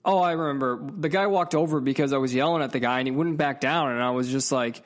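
A man's voice: medium pitch, quick pace, few pauses. A man in a casual, profane storytelling rant, emphatic and heated, with frequent asides to the viewer. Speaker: vlogger.

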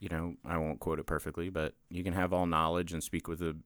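Deep, smooth-voiced man in casual chat. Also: level tone, fast, no room sound, studio quality. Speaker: podcast co-host. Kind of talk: casual podcast discussion.

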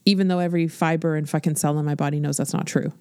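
A woman in her forties hosting a podcast as a business coach, talking in a blunt, animated, swear-filled motivational style. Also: sits low, racing, clean tone, no room sound. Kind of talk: casual motivational podcast monologue.

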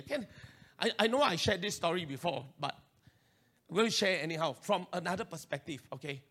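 A male pastor with a Singaporean English accent, preaching an animated sermon and urging his listeners to respond. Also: high-pitched, moderate pace.

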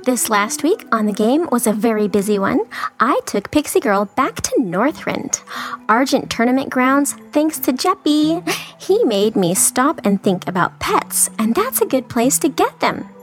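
A woman's voice: on the high side, big pitch swings, measured pace. Chatty woman reading, faint music. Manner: chatty, friendly. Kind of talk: reading a written message.

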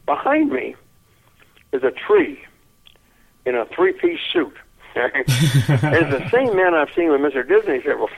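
An older man telling a lively anecdote in an interview, chuckling often and repeating his words as he goes. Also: a little high, a little slow, pauses often, slightly rough. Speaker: interview guest. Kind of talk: anecdotal storytelling. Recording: tinny phone-like line.

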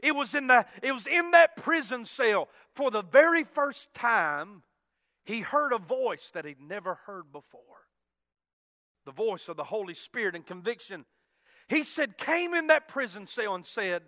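Preacher guy, really high bright voice, goes loud then drops way down quiet, dry sound. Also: lively intonation, unhurried, no echo, in a large hall. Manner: swings from loud emphatic peaks to low quiet asides. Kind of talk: sermon storytelling.

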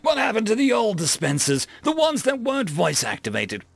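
A man doing an exhausted, furious crewman, shouting. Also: high voice, wildly swooping pitch, moderate pace, vocal fry, dry recording, voice pushed up, exaggerated voice. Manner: shouting, exasperated, swearing.

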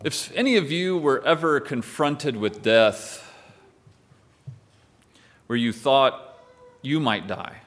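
A man's voice: medium pitch, slow pace, pauses often, a bit bright. A male pastor preaching a sermon in a conversational way, with wry asides to the congregation.

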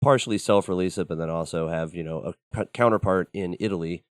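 A man with a very low, smooth, resonant voice talks casually as a studio guest. He rambles in a laid-back way, full of fillers and the odd swear word. The sound is dry and close. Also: fast, no echo. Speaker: band member guest. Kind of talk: casual interview chat.

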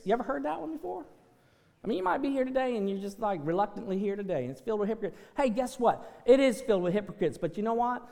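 A middle-aged preacher whose voice sits fairly high and leaps all over the place. He moves between loud, folksy urging and hushed, earnest appeals, restarting and repeating words as he goes. The sanctuary lets each phrase ring out in a long reverb. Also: fast, creaky. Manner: preachy, shifts between loud energetic exhortation and soft earnest pleading. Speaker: pastor. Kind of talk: sermon. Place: church sanctuary.

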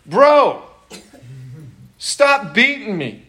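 An exasperated talking donkey with a raised, higher voice, as a preacher puts him on in a retold story. He speaks in blunt modern slang with a fed-up edge. It is a casual voice pushed up for comic effect. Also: sing-song, extremely slow, sharp tone, heavily acted.

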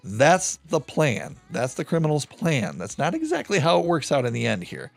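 A man hosting a podcast, retelling a true-crime case in a loose, animated, profane way. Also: a little high, normal speed, vocal fry, faint music behind. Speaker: podcast host. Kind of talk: casual true-crime storytelling.

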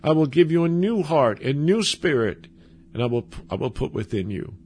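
A man from Minnesota preaching a sermon in a conversational way, pausing and restarting, now and then chuckling. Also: on the high side, sing-song, a little mellow, a little hiss or hum. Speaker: pastor.

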